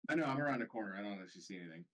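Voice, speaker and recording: A man player talks fast with a lively, bouncing voice. He is quick to apologize and backtrack. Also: lowish voice. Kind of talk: tabletop game play.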